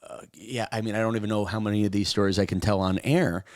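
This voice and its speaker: A man's voice: lowish voice, fairly even intonation, fast, a little mellow. A man hosting a casual interview show, cracking jokes and asking pointed questions. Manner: wisecracking, asks pointed questions. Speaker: talk show host.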